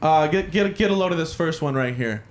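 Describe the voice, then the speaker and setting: A man hosting a podcast in casual chat, loud and excitable, swearing freely. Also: a little high, a little fast. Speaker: podcast host. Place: podcast studio.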